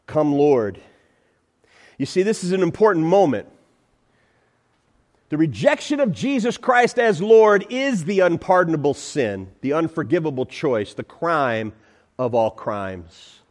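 A man's voice: fairly high pitch, expressive, normal speed. A man preaching a sermon as pastor in a church, emphatic, repeating phrases and calling out to the congregation.

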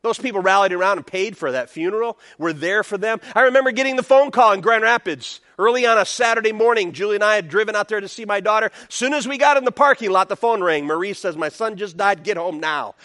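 A middle-aged male pastor preaching a sermon with animated delivery and call-and-response. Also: sits high, quick pace, hardly any pauses.

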